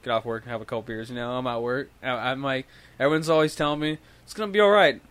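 Fast-talking, swearing young man. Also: mid-range voice, fairly bright tone, clean tone. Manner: rambling storyteller, swears constantly, laughs often. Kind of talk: casual chat.

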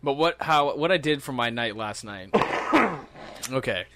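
A man's voice: mid-range voice, lively intonation, measured pace, heavy background noise. Young male podcast host, swears freely, rambles through stories with laughter. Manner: profane, rambling, laughs often. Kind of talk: casual storytelling chat.

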